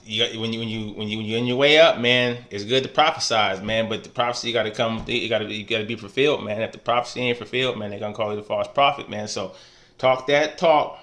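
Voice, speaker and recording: A man talks trash in a loose, easygoing video message. His voice is bright and pushes forward. He teases his friends playfully and caps almost every phrase with "man". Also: lowish voice, fairly even intonation, fast talker. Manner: laid-back, ends nearly every phrase with "man"; teasing, playful ribbing. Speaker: fantasy football league member. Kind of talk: casual trash-talk vlog.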